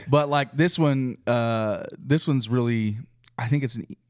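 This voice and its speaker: A man's voice: mid-range voice, a little slow, smooth, no echo, studio quality. A man in casual podcast chat, earnest and a little self-deprecating.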